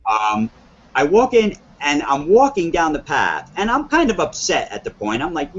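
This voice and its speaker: A man's voice: a little high, huge pitch swings, normal speed, slight background noise. Rambling man telling a tale, dull audio. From northern New Jersey. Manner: rambling, earnest, full of quoted dialogue and restarts. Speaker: guest telling his story. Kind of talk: live-streamed storytelling interview.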